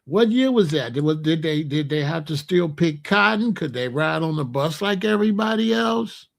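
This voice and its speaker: A man with a high-ish, animated voice and vocal fry hosts a casual monologue at a moderate pace. He talks loosely, joking and rambling, and laughs at his own jokes.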